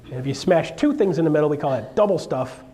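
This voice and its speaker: Animated, joking man. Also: on the high side, quick pace. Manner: animated, jokey, acts out quotes in a raised voice. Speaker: real estate coach. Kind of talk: energetic seminar talk.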